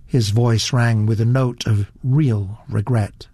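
A man reading a story aloud as narrator, measured and expressive. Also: medium pitch, husky, no echo. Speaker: audiobook narrator. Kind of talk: scripted narration.

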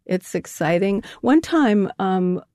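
A woman's voice: medium pitch, animated, takes it slowly, dark tone, dry recording, studio quality. An older woman, a guest in an interview, talking in a casual, chatty way. She rambles a little and laughs often. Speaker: guest, co-founder of an anonymous artist collective.

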